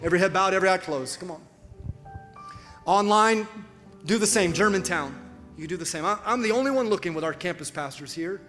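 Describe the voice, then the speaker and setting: A man's voice: sits high, a little fast, pauses often, a bit bright, long reverb tail, soft background music. A man, a pastor, preaching an urgent sermon and leading a repeat-after-me prayer in a large church. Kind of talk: sermon with altar call and prayer. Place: large church with several campuses.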